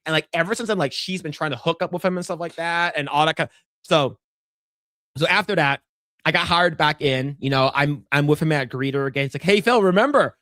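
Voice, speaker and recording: A man's voice: fairly high pitch, steady tone, a little fast, pushed and bright, no room sound, studio quality. A man in his thirties co-hosting a podcast, telling a long casual story with stammers and restarts, acting out quotes. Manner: rambling, stammers and restarts, acts out quotes in shifting voices. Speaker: podcast co-host.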